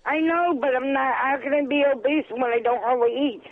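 A woman calling in to a chat show, talking earnestly in halting bits and repeating herself. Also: sits high, dry recording. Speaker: caller. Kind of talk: casual chat on a call-in show. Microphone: telephone. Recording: tinny phone line.

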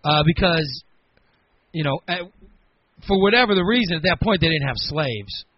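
Radio host, American man, lively pitch, breathy edge, casual teasing banter. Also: normal speed, no room sound, highs cut off. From United States. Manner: teasing, animated, rambling.

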